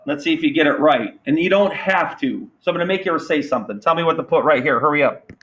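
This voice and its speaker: A man teaching a math class, energetic and playful, firing questions at students. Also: a little high, fast talker, poor audio. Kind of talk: classroom lesson.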